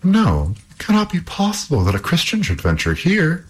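A man's voice: on the high side, huge pitch swings, normal speed, slightly rough, voice pushed up, heavily acted. A man reading a folk tale aloud, voicing a frightened young princess held captive by a troll, in an anxious, pleading tone. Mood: alarmed.

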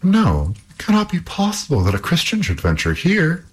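A man playing a high, alarmed young princess. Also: huge pitch swings, normal speed, husky, exaggerated voice. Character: frightened young captive princess.

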